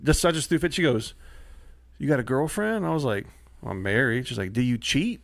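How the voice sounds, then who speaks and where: A man telling wild stories in casual podcast chat, profane and animated, acting out the people he quotes. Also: mid-range voice, a little fast, creaky, dry recording, clean studio sound. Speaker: comedian guest. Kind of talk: casual storytelling.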